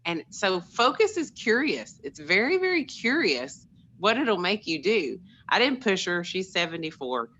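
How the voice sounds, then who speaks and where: A woman's voice: fairly low pitch, very animated, unhurried, pushed and bright, lo-fi sound, slight background noise. A middle-aged woman, sharing personal stories in an earnest, chatty way on a group call. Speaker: call participant.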